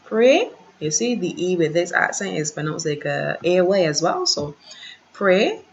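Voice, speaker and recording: In a slow classroom lesson, a woman teaches French, patiently repeating each conjugation in drills and encouraging her students to practise. Her voice is on the low side with vocal fry and big pitch swings at normal speed, and the lo-fi recording sounds dull with slight background noise.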